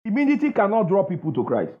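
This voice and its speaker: Emphatic high-pitched preacher man. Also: huge pitch swings, fast talker. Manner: emphatic call-and-response, asks the crowd "what?". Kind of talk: sermon. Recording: dull lo-fi sound.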